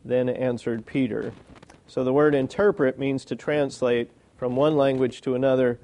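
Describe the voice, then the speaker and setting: A man's voice: medium pitch, steady tone, moderate pace, warm tone, a little hiss or hum. A man giving a sermon in a plain, conversational way, often asking rhetorical questions. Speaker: preacher.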